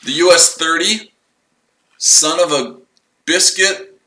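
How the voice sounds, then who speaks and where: A man with a fairly high, pushed, bright voice speaks slowly in a reverberant, low-quality recording. Hosting a casual live trading stream, he rambles and repeats himself while explaining his trades.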